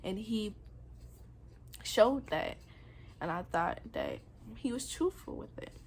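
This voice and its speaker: A woman's voice: medium pitch, huge pitch swings, slow pace, gravelly, husky. Young woman telling a candid story. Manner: candid, earnest, casual slang. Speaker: vlogger. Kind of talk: personal storytime vlog.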